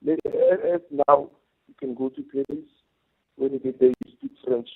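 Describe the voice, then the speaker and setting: A husky, gravelly man calls in over a tinny phone line. He speaks haltingly, trailing off and restarting, and his pitch swings widely as he argues his point. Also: sing-song. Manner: halting, hesitant with fillers and restarts. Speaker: caller. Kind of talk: opinionated call-in.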